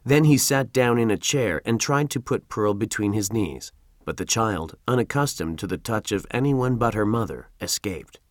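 Deep-voiced male storyteller. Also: moderate pace, no echo, clean studio sound. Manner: steady storytelling. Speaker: narrator. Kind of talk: audiobook narration with character voices.

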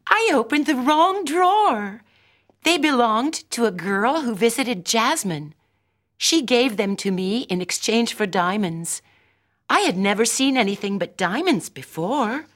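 A man reading a story who puts on the voice of an excitable young girl, high and cried-out. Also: unhurried, full character voice. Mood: giggly, rueful.

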